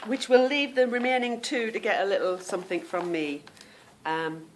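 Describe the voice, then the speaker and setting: Brief: lower-voiced woman podcast host, warm casual chat from home, friendly "girlies" patter. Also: normal speed, slight background noise. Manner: chatty, calls listeners "girl" and "girlies".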